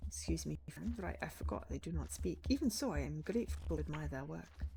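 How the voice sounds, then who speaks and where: A woman's voice: low voice, animated, brisk, vocal fry, mellow, a little hiss or hum, pitched below the performer's own voice. Woman doing a put-on Scottish man: a wry, mannered writer figure, lots of melodic movement. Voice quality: mannered, theatrical reading. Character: male writer William, genteel and wry.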